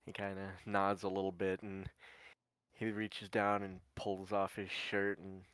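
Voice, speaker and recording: A man playing in a tabletop game, narrating his character's actions slowly and hesitantly. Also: sits low, completely flat delivery, a bit bright, clean tone, no echo. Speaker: player. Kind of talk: tabletop role-play narration.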